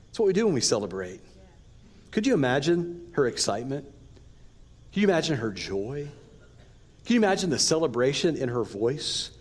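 A man preaching a sermon, reading scripture and adding casual, animated asides to the congregation. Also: medium pitch. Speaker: pastor.

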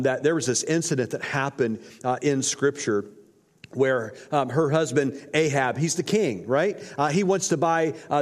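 A man's voice: medium pitch, a little mellow. A man preaching a sermon, retelling scripture in a casual, slangy storytelling way. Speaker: pastor. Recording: long hall reverb.

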